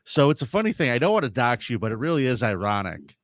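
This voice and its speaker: A man's voice: medium pitch, big pitch swings, fast talker, dry recording, clean studio sound. A man co-hosting a casual podcast, reading chat messages in a joking, self-mocking way. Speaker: podcast co-host.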